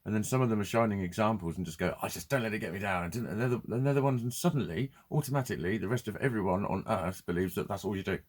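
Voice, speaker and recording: A man's voice: fairly low pitch, expressive, rapid-fire, few pauses, slightly rough. A man ranting bluntly and swearing in a casual vlog. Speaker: vlogger. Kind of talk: casual ranting monologue to camera.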